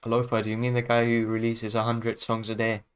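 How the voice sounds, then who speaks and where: A man's voice: mid-range voice, completely flat delivery, fairly quick, clear, resonant tone. A man chatting casually on his livestream as a music producer, laid-back and chuckling often, trailing off mid-sentence.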